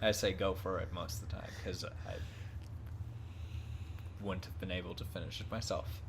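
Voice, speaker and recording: A man co-hosting a podcast, speaking in relaxed casual chat and hesitating often with fillers. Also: low-pitched, moderate pace, vocal fry, background noise. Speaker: podcast co-host.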